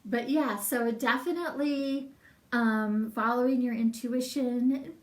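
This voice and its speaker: A woman's voice: fairly high pitch, unhurried, echoey room, recorded from a distance. A middle-aged woman, a massage business coach, talking in a casual, rambling livestream and reading out viewer comments. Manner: chatty, rambling, laughs often, reads viewer comments.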